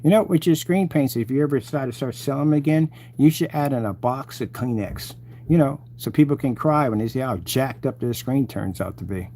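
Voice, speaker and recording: Gloating man with a mellow voice. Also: medium pitch, fairly quick, a little hiss or hum. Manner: mocking, gloating and taunting. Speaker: channel host taunting rivals. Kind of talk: rambling live-stream rant.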